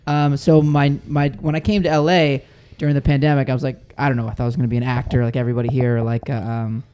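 A man's voice: mid-range voice, level tone, quick pace, warm tone, clean tone. A man from Florida chatting as a podcast guest, rambling and self-deprecating, full of "like" fillers. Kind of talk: casual podcast chat.

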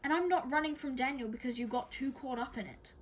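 A woman's voice: high-pitched, fast talker, dull audio, a little hiss or hum, pitched above the performer's own voice, close to an everyday voice. Woman voicing headstrong younger sister, flirty, breezy, insistent, audiobook.

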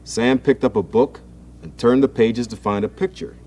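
A man hosting a 1960s children's show, reading a storybook aloud in a gentle, expressive way. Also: medium pitch, normal speed. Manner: gentle, expressive storytelling, acting out the family's voices. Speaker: children's TV host. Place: TV studio set.

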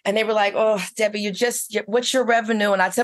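A woman's voice: medium pitch, fairly even intonation, fast talker. A middle-aged woman who owns a spa, telling her story in a casual interview with eager, rambling restarts. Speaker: spa owner and esthetician.

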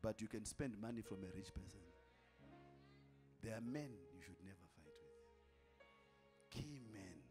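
A man preaches a sermon with a very lively, swooping voice. He calls out to the crowd, repeats phrases for weight and sometimes shouts, with faint music playing behind him. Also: lowish voice, measured pace, long pauses. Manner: emphatic, calls out to the congregation, repeats lines for effect, at times shouting. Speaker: apostle preaching.

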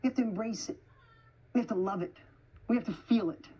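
A woman giving an energetic, emphatic motivational speech to an audience in an event hall, repeating phrases for effect. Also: on the high side, a little fast, husky, lo-fi sound. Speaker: motivational speaker.

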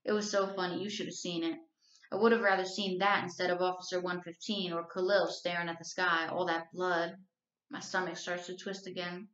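Teacher lady reading a book out loud, steady storytelling, echoey and a bit muffled. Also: fairly low pitch, brisk. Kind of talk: reading a novel aloud. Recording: roomy, slightly dull recording.

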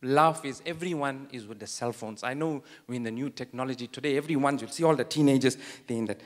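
A middle-aged man doing an animated stand-up comedy routine, laughing through his stories. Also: quick pace. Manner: animated, high-pitched storytelling with laughs. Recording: long reverb of a large hall.

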